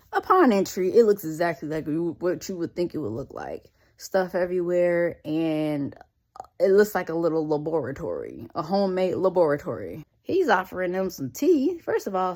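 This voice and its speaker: Animated woman recapping a show sarcastically. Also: fairly low pitch. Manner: sarcastic, incredulous asides to the viewer; slangy, conversational. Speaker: reviewer recapping an episode. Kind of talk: casual recap commentary.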